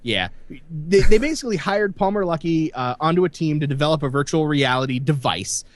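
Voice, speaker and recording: A man's voice: a little high, brisk, no echo. A man co-hosting a casual gaming podcast, rambling through the news with lots of fillers. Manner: animated, rambling with many fillers. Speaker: podcast co-host.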